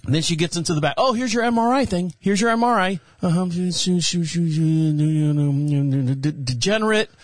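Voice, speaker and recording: Animated radio host, high voice, dry sound. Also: male voice, unhurried, few pauses, no echo. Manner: animated, laughs while telling stories, acts out voices. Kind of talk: casual storytelling monologue.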